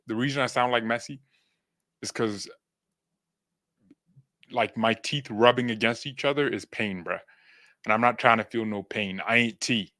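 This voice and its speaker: A man hosting a football fan channel in a casual vlog, speaking with a lisp from new dental aligners, joking, rambling and excitable. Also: medium pitch, no echo, studio quality.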